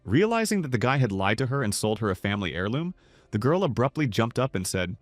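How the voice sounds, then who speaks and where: A man's voice: mid-range voice, very animated, brisk, dry recording. A man narrating a scripted story recap.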